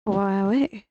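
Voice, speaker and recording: Irish woman streamer, unhurried rambling gamer chat with a mellow tone and the odd swear. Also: medium pitch, no room sound, lo-fi sound. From Ireland. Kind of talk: casual gaming chat.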